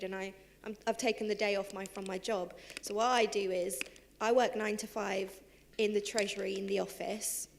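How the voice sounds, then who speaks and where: A young woman who is a guest on a live panel, talking quickly and casually about her life, with plenty of fillers and laughing at herself. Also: mid-range voice, vocal fry. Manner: fast, chatty, lots of fillers, laughs at herself. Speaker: panel guest, civil servant and henna artist. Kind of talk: live panel talk, personal storytelling. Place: theatre stage.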